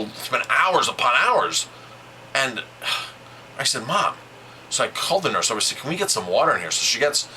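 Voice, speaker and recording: A man speaks straight to the camera in a casual, emphatic monologue, retelling what was said with plenty of repetition. His voice is very bright and sharp and swings widely in pitch. A faint steady noise sits under the recording. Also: low-quality recording. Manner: animated and emphatic, retelling conversations with repeats. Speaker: vlogger.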